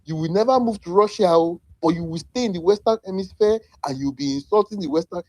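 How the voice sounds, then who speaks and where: A man's voice: high-pitched, fast talker, hardly any pauses, darkish tone, no echo. A man with a Nigerian accent in a heated online debate, lecturing with profanity and mocking his opponents in sing-song quotes.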